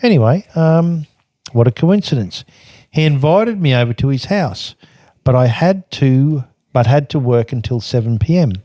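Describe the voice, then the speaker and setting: An older man from Australia telling a rambling travel story on a podcast, halting and restarting as he reads from his journal. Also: medium pitch, animated, mellow, dry recording, clean studio sound. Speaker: podcast guest recounting travels. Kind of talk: casual storytelling chat.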